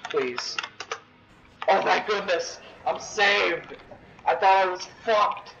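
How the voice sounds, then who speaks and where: Excitable cursing young gamer man, high voice. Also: slow, gravelly, lo-fi sound, noisy background. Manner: excitable, swearing, yelling at the game. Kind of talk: let's-play commentary.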